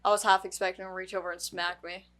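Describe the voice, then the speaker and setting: A woman's voice: on the low side, flat delivery, very fast, fairly bright tone. A woman co-hosting a podcast in casual chat, teasing the others.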